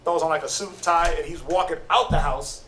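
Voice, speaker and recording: A man's voice: on the high side, brisk. Slangy man teaching scripture, echoey. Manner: slangy, conversational, animated. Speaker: Bible teacher. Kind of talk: casual sermon teaching. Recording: roomy, distant mic, faint noise.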